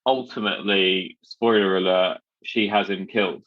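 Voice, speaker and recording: A man hosting a podcast in relaxed, rambling chat, often restarting his sentences. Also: deep voice, moderate pace, muffled recording. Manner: chatty, rambling with many restarts and fillers. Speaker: podcast host.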